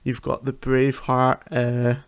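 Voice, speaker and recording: A man's voice: medium pitch, monotone, a little slow, clear, resonant tone, no room sound. A man hosting a solo podcast from home, chatting casually, often laughing and restarting his sentences. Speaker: podcast host. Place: home at night.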